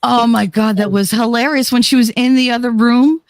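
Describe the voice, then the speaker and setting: A woman's voice: fairly high pitch, fairly even intonation, normal speed, darkish tone, no room sound, clean studio sound. A woman co-hosting a casual stream chat, telling stories animatedly, quoting people and swearing freely. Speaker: stream co-host.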